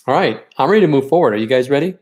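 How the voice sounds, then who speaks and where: A man's voice: medium pitch, a little mellow. A man teaching a live-streamed painting lesson, chatty and encouraging as he works, and openly sentimental about his students. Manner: chatty and encouraging, talks while working. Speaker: art teacher leading a paint night.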